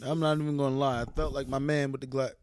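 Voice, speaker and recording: A young man co-hosting a podcast, telling stories loudly and swearing a lot. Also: mid-range voice, fast talker. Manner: loud, animated storytelling, swears a lot. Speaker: podcast co-host. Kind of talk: casual chat.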